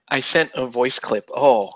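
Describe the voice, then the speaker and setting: A man's voice: medium pitch, fairly bright tone, breathy edge, no echo. A man hosts a casual chat at his painting desk and talks into a headset in a mid-range voice. He rambles and jokes and often restarts his sentences. The sound is dry and close. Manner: rambling, joking, with many restarts and laughs. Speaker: host of a miniature painting stream.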